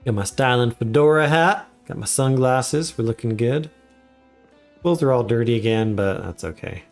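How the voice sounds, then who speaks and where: A man giving relaxed, chatty commentary while live streaming a game. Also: mid-range voice, moderate pace, faint music behind. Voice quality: relaxed, chatty, laughs often.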